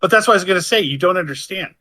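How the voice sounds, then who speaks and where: A man's voice: high-pitched, lively intonation, rapid-fire, heavy background noise. A man co-hosting a game podcast in casual chat, wry and teasing. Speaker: podcast co-host.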